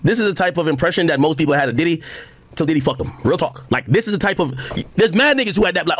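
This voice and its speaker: A man's voice: on the high side, expressive, rapid-fire, no room sound. A man ranting on a livestream in a mocking, profane way. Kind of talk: heated livestream rant.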